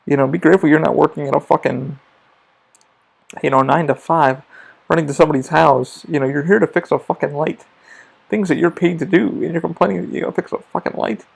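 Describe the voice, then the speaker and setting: Gravelly, cursing theme park podcaster man. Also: a little high, quick pace. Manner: profane, rambling, restarts often. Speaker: podcast host. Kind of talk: rambling casual monologue.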